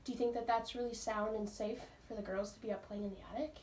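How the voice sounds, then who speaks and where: A woman's voice: on the high side, steady tone, fast, a little mellow, slight background noise. A woman teacher reading a book aloud to her class and stopping patiently to ask the pupils questions. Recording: roomy, from far off.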